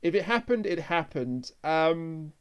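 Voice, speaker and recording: A man co-hosting a podcast, chatting casually and adding wry, quick asides. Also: a little high, animated, a loud crowd. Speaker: podcast co-host. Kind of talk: casual chat.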